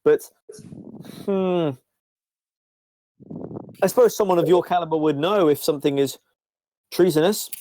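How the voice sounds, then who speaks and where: A man's voice: fairly high pitch, a little slow, pauses often, dark tone, a little hiss or hum, pitched above the performer's own voice, lightly acted, poor audio. A man voicing a sly female character who hums and hesitates over whether to report someone. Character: wary female bot-handler, sly.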